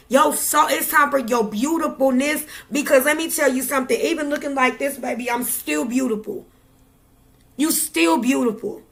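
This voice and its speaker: A woman speaks to camera in a casual vlog, giving the viewer a raw, preachy pep talk. Her voice sits high and sounds bright and clear. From Midwest United States. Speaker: tarot reader vlogger.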